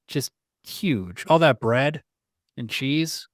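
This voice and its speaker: A man co-hosting a film podcast in casual comedic chat, riffing crudely with deadpan asides on a close mic. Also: mid-range voice, normal speed, no room sound. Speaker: podcast co-host.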